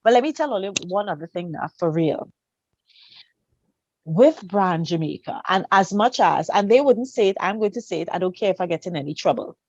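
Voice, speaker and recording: A woman's voice: mid-range voice, lively intonation, moderate pace, darkish tone, muffled recording. A Trinidadian woman co-hosting a casual panel chat, speaking expressively and drawing out her words. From Trinidad and Tobago. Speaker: co-host.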